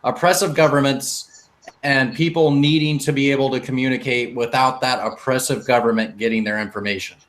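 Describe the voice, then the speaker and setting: A man's voice: mid-range voice, fairly even intonation, fairly quick, fairly bright tone. A man hosting a casual podcast discussion, arguing heatedly and emphatically. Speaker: podcast host.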